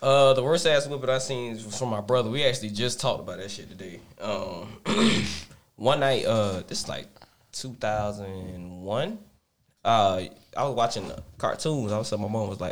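A young man co-hosting a podcast, telling a story in a casual, animated way and laughing often. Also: fairly low pitch, normal speed. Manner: animated, laughing storyteller, loud when acting out quotes. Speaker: podcast co-host.

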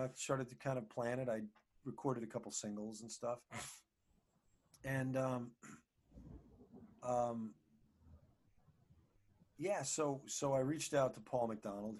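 A man being interviewed, telling long casual stories in a rambling, animated way full of restarts and fillers. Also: mid-range voice. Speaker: actor and singer, guest.

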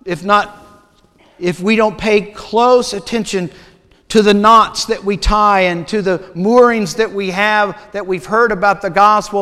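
A man preaching a sermon as a pastor, deliberate and measured, sometimes dropping to a hush. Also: sits high, clean tone. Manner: slow, deliberate preaching with dramatic drops to a hush. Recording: long reverb of a large hall.

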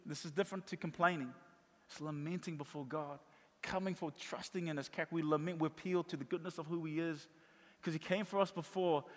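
A middle-aged man preaches a sermon in a fairly high voice, driving home each point by saying it again. His voice rings out through a large hall with a long reverb trailing behind his words. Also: fairly even intonation, brisk. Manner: warm storytelling with emphatic repetition.

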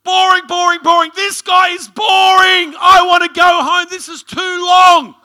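A man voicing a bored four-year-old boy who shouts and whines during a sermon. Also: very high-pitched, level tone, unhurried, voice pushed up, full character voice. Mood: bored whining. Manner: shouting, whining.

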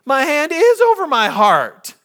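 A man's voice: very high-pitched, huge pitch swings, unhurried, pushed and bright, pitched above the performer's own voice, heavily acted. A man voicing a cheerful little kindergarten boy in a sermon story, sweet and earnest.

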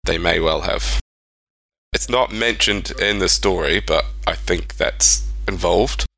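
A man's voice: low-pitched, slow pace, gravelly, bright, forceful tone, poor audio. A man, casually retelling strange stories as a podcast co-host, rambling with speculative asides. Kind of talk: casual storytelling chat.

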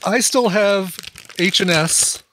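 A man co-hosting a podcast in casual chat, agreeable and quick to chuckle. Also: high-pitched, bright, forceful tone. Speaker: podcast co-host.

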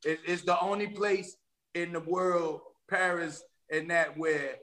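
D.C.-male rapper guest, bright and forceful, animated storyteller. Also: a little high, unhurried. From Washington, D.C. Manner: animated, streetwise storytelling with slang. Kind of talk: casual podcast interview.

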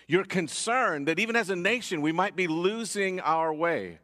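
A man's voice: animated, normal speed. A man preaching a sermon as pastor, earnest, his voice rising and dropping as he presses each point. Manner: earnest preaching, rises and falls in pitch and loudness. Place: church sanctuary. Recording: long reverb of a church hall.

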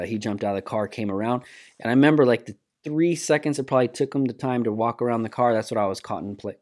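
A low-voiced man telling a road-rage story. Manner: profane, animated storyteller acting out quotes. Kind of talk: casual chat, storytelling.

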